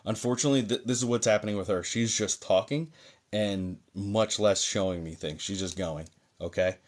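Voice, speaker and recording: A man with a low-pitched voice hosts a live online mediumship session. He talks in a loose, chatty and reassuring way, thick with fillers, and checks in with viewers as he goes. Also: moderate pace. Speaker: psychic medium host. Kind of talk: live-stream mediumship readings. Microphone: phone or desk mic on a live stream.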